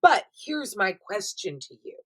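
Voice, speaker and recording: A woman's voice: mid-range voice, measured pace. A middle-aged woman vlogger, chatting casually and expressively to her viewers about what she has been watching, swearing freely as she goes. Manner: chatty, expressive and profane, addresses viewers directly. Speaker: vlogger reviewing TV shows. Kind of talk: casual chatty recap vlog.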